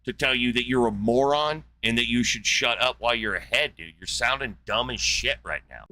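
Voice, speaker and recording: A man hosts a live call-in debate with a forceful, sharp-edged voice. He argues combatively and throws out profane insults. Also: mid-range voice, normal speed. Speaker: debate show host.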